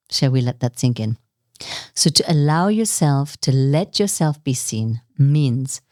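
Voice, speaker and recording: A woman leadership communication coach teaching to camera in an animated, playful way. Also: fairly low pitch, dry recording, studio quality. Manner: animated and expressive, playful asides with laughs. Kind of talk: direct-to-camera teaching talk.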